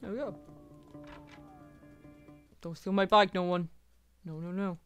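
A woman's voice: mid-range voice, steady tone, measured pace, smooth, faint music behind. A young woman giving casual commentary as she plays a video game, chatty and swearing, laughing at the game. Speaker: gameplay streamer. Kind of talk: casual let's-play commentary.

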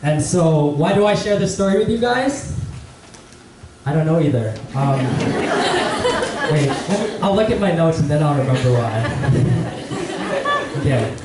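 A young man giving a casual church message, telling a story in a relaxed, chatty way full of fillers. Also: a little high, a little slow, long pauses, recorded from a distance, a loud crowd. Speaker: preacher. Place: church hall. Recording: echoey church hall, faint room noise.

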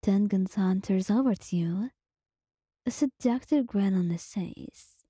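Woman narrator, hushed whispered role-play, very dry close sound. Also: medium pitch, a little slow, breathy edge, no echo. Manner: soft, hushed second-person narration. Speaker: storyteller.

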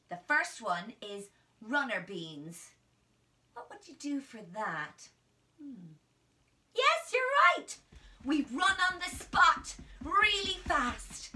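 Playful woman drama teacher with a bright voice. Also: high-pitched. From Ireland. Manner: playful, exaggerated and coaxing, often dropping to a whisper. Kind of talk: children's drama lesson. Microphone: phone camera. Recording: phone mic held at a distance.

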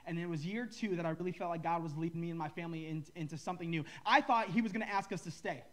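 A man's voice: fairly high pitch, racing, fairly bright tone. A man preaching a sermon as a pastor, in a loose, conversational way, joking with and teasing his listeners. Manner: conversational, joking, ribs the audience.

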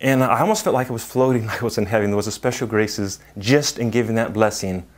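Priest telling a story with chuckles. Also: male voice, lowish voice, fast talker. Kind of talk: documentary interview.

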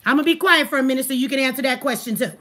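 Angry, high bright-voiced woman ranting. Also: racing. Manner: angry, profane, confrontational, rhetorical questions. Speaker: livestream host. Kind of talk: heated livestream rant.

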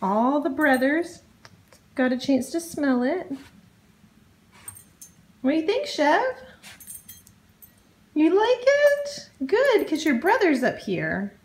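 A woman's voice: high voice, sing-song, slow, pauses often. A woman vlogger filming at home indoors, casually narrating and cooing baby talk to her pets. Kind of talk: casual home video chat.

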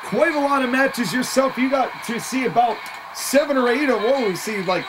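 Excitable wrestling commentator over background noise. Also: medium pitch, normal speed. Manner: excitable, laughs often, openly partisan.

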